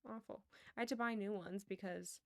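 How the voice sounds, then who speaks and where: While gaming, a woman streamer keeps up fairly quick, casual chat, rambling and laughing often. Her mid-range voice stays fairly even in intonation, and she speaks into a wired earbud headset mic.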